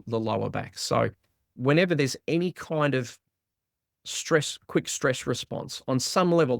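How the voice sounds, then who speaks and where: A man talks through ideas with animated energy, often slipping into quoted inner voices. His voice carries a gravelly edge, recorded dry and close with no room sound. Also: mid-range voice, no echo. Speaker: guest, trauma release exercise practitioner. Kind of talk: explanatory interview talk.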